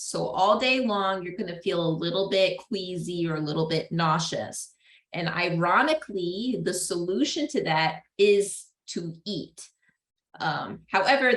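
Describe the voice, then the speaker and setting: A woman's voice: fairly low pitch, fairly bright tone. A woman giving a casual psychology lecture to a class, chatty, with frequent laughs and fillers. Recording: roomy classroom echo.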